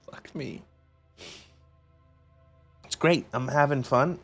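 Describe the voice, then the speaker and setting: A man's voice: medium pitch, extremely slow, pauses often, fairly bright tone, soft background music. A man streaming a game and commenting casually, rambling, laughing often and swearing.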